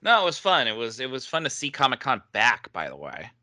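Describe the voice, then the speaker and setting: A man chatting casually as a co-host, upbeat and quick to laugh. His voice is strikingly bright and forceful, recorded dry and close with no room sound. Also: medium pitch, wildly swooping pitch, dry recording. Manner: laughs often, chatty and enthusiastic. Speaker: podcast co-host. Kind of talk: casual chat.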